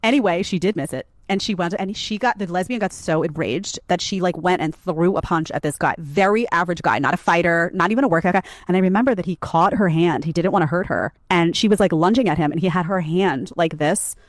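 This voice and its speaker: A woman's voice: lowish voice, fast, hardly any pauses, dry recording, clean studio sound. Chatty woman telling a story. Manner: chatty, laughing, emphatic asides. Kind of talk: casual storytelling.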